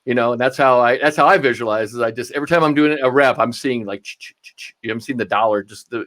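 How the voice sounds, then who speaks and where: A man's voice: medium pitch, fast talker, fairly bright tone. Podcast host guy, chatty and upbeat, laughs easy, ordinary middle voice. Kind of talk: casual podcast interview.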